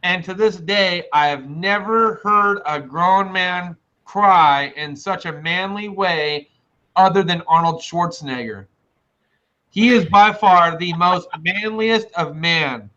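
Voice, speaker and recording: A man in casual podcast chat, telling stories excitedly with lots of swearing and laughter. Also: high voice, takes it slowly. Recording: slightly dull lo-fi sound.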